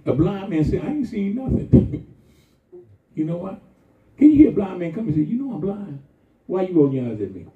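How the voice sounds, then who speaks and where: A man preaching a lively, folksy sermon with call-and-response and shouts to the congregation. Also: high voice, brisk. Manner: folksy, conversational, acts out quoted voices. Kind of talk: lively Palm Sunday sermon. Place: church sanctuary. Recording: echoey church heard from far off over a tinny line.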